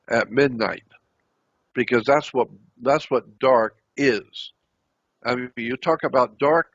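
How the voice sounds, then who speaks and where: Husky man telling a rambling story. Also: mid-range voice, muffled recording. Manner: rambling, repeats and restarts phrases. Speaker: speaker recounting a personal experience. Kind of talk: unscripted storytelling.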